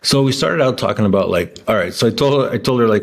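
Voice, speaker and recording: A man's voice: on the low side, animated, brisk, creaky, a little hiss or hum. A man talking casually to camera in a rambling way, with many restarts and fillers. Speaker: vlogger.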